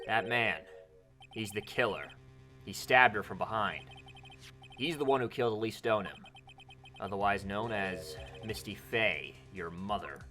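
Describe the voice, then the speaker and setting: A man streaming a courtroom game, reading the lines aloud and commenting, moving from mutters to loud outbursts. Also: fairly low pitch, measured pace, soft background music. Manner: animated, switching between mutters and loud outbursts. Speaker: let's play streamer.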